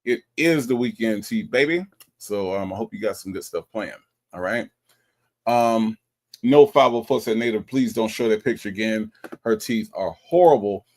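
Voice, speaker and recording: A man with a fairly low voice runs a casual livestream, reading out viewer messages one by one. He talks with features and keeps an animated, teasing delivery. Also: moderate pace. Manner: animated, teasing, reads viewer comments aloud. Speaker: livestream host reading chat.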